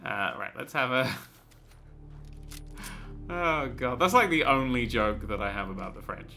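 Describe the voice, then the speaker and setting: A man talking over his gameplay in a casual let's play, full of jokes, swearing and rambling tangents. His pitch leaps around constantly. The tone is sharp and very bright. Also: expressive, measured pace, vocal fry, faint music behind. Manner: joking, swearing, rambling asides. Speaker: gaming channel host.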